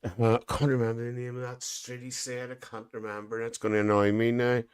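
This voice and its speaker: A cheeky older aunty, put on by a man, gossips to her live-stream viewers in camp, rambling chatter. She keeps cackling and breaks into shrill, high exclamations. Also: flat delivery, brisk, clear, resonant tone, lightly acted. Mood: chatty gossip. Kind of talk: live-stream chat in character.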